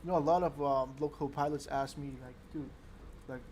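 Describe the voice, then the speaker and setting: A man's voice: fairly high pitch, steady tone, fast talker, darkish tone, muffled recording, a little hiss or hum. A man co-hosting a livestream, easygoing, laughing along and telling short anecdotes. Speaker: livestream co-host. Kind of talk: casual banter on a livestream.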